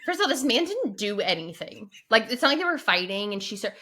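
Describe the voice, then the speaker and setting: A woman co-hosting a casual podcast, her tone bright and forward. She tells stories with energy and slips into the voices of the people she quotes. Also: on the high side, fast talker. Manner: animated storyteller, acts out quoted people. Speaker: podcast co-host. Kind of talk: casual chat.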